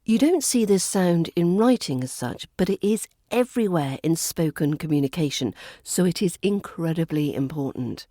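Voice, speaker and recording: A woman with a Southern English accent teaching pronunciation on a podcast, repeating example words slowly and clearly. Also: lowish voice, expressive, dark tone, dry recording, studio quality. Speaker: accent coach. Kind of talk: podcast lesson.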